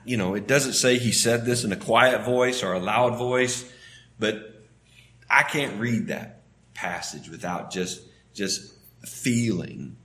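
A man with a Southern American accent preaches a sermon in a conversational style, his tone sharp. He often restarts phrases and will suddenly climb in pitch and volume.

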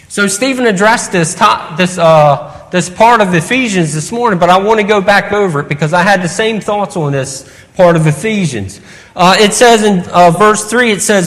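A man with a high, light voice preaches an earnest evening sermon and keeps asking the congregation questions. His words ring out with a long reverb, as in a church hall. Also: animated, normal speed, a bit bright.

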